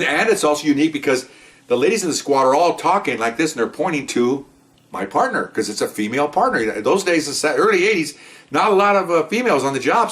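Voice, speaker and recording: Fast-talking older man telling stories. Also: mid-range voice. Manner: animated, acts out sounds and voices, frequent "okay" and "you know". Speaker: retired police officer. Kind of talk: casual storytelling. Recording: voice a bit far from the mic.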